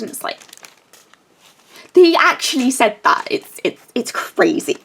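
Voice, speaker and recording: A young woman chats casually while working on a craft project. She tells a story in an animated way, stopping and restarting with plenty of fillers. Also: a little high, moderate pace. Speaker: crafting vlogger.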